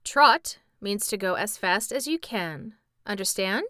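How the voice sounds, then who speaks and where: A woman voicing an earnest young boy who gives brisk instructions in a storybook reading. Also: mid-range voice, lively intonation, pushed and bright, dry recording, studio quality.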